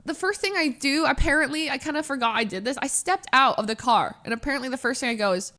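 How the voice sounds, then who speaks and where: A young woman streamer telling a story casually, animated, laughing often and full of fillers. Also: sits high, fast talker.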